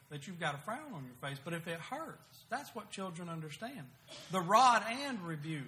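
A man's voice: on the high side, pushed and bright, slight background noise. A middle-aged man preaching a sermon, telling homey stories with frequent restarts. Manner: folksy storytelling preaching with restarts.

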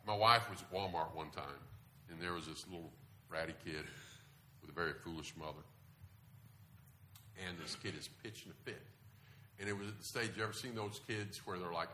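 A middle-aged man preaching a sermon, telling stories in an animated way with sudden loud bursts. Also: low-pitched, moderate pace, slight background noise. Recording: echoey room.

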